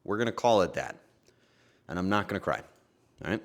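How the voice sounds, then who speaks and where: A man streaming casually from home, talking to his chat in an emotional, halting way and breaking into sudden excited outbursts. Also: low-pitched. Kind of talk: casual livestream chat to viewers.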